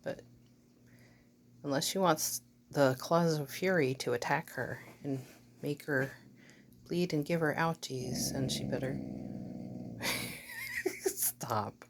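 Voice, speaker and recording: A woman's voice: low-pitched, unhurried, slight background noise. A woman filming her dog and cat at home on a rainy day, chatting casually and using a soothing pet voice with the dog. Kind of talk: casual home video narration.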